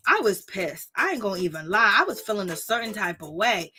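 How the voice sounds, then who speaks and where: A woman's voice: mid-range voice, a little fast, soft background music. A young woman vlogger ranting casually and exasperatedly to her viewers, using lots of slang. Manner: exasperated, animated, slangy, talks to viewers directly. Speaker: vlogger reviewing reality TV.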